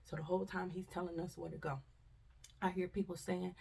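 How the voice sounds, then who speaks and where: A woman's voice: on the low side, level tone, fairly quick, vocal fry, darkish tone, breathy edge, recorded from a distance. A woman vlogger, telling a story casually and animatedly, acting out voices and dropping to whispers.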